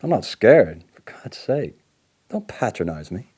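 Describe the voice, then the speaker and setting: Late-forties man, playing a deep-voiced, raspy, volatile addict in counselling; swings from outbursts to shame. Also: normal speed, darkish tone, full character voice. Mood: angry, bitter. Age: late 40s. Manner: swings between outbursts and low, muttered apology. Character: angry recovering male addict near fifty, volatile and ashamed. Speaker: counselling client in a training role-play.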